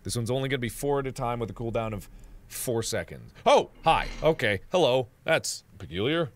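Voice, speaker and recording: A man in his twenties commentating as he plays a game, swearing in frustration and repeating phrases over and over, swinging from muttering under his breath to loud yelling. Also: medium pitch, lively intonation, brisk. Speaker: gaming video host. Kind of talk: let's play commentary.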